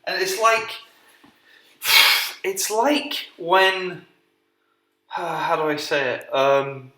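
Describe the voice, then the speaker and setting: A man's voice: on the high side, lively intonation, drawn-out words, sharp tone, reverberant, rough recording. A man rambling and swearing through a casual solo podcast while cooking at home, self-deprecating and unpolished. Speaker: podcast host.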